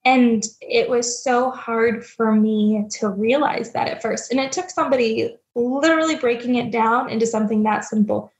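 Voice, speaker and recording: Talking at a normal speed with few pauses, this young woman has a fairly high voice. She's the founder of a stepmom platform, appearing on a frank podcast interview where she reflects earnestly and pokes a little fun at her own experience as a stepmom. The remote recording sounds dull and lo-fi.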